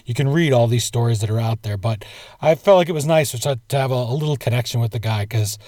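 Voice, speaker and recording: A man's voice: medium pitch, fast, dark tone, no echo. Man hosting a chat show, dry studio sound. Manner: storytelling, reflective, with occasional laughs. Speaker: podcast co-host. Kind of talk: casual conversational chat.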